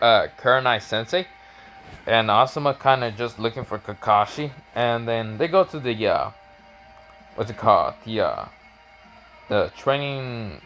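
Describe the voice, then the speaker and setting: A man's voice: mid-range voice, fairly bright tone. Man, rambling improvised fan-story narrator, faint music bed. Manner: rambling, halting, many fillers and restarts.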